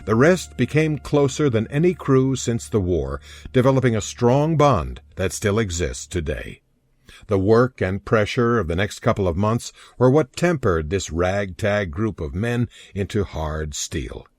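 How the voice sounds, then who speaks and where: A man narrating a historical audiobook in an expressive storytelling manner. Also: lowish voice, unhurried, no room sound, studio quality. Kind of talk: scripted narration.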